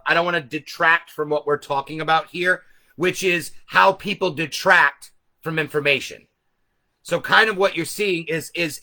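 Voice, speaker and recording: A man hosting a live stream, explaining his point loudly and emphatically to viewers from a camera set some way back. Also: on the high side. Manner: speaks loudly. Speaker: host. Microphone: camera set back from him.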